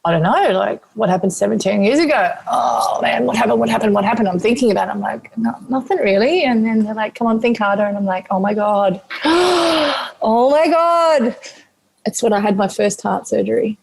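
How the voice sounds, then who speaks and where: A woman's voice: medium pitch, fast talker, gravelly, hardly any pauses, slightly rough. A middle-aged Australian woman chef, a podcast guest, telling a candid personal story, swearing freely and acting out what she said at the time. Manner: animated, swears freely, acts out her own past remarks.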